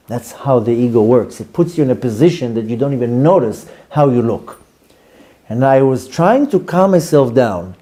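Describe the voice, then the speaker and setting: A man, a rabbi telling a lively story to his class and acting out his own reactions. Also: mid-range voice. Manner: animated, acts out his own reactions in quotes.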